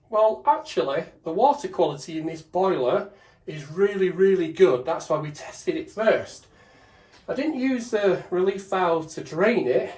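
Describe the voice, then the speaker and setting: A man's voice: sits high, a little mellow, echoey room. A man who trains gas engineers, casually explaining each step of a boiler service while he works on it. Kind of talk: hands-on demonstration narration. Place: indoors beside a boiler.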